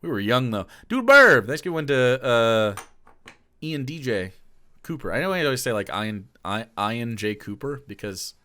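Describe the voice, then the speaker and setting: A man's voice: mid-range voice, sing-song, moderate pace, bright, forceful tone. A man streaming live and telling rambling, profane stories, laughing often as he talks. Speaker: streamer reacting to a clip. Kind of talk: casual livestream storytelling.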